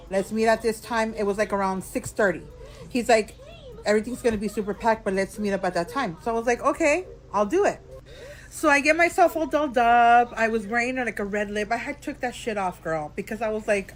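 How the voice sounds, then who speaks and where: A slightly tipsy woman spills a story straight to her phone camera from a quiet hotel room. She talks frankly and chattily, calling her viewers girl and y'all as she goes. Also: fairly high pitch, poor audio. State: a little tipsy. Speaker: vlogger. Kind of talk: storytime vlog.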